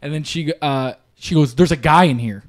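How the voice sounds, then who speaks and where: A young man with a slightly high voice talks at a normal pace as a podcast co-host. He rambles through a profane story, swearing often and acting out the people in it.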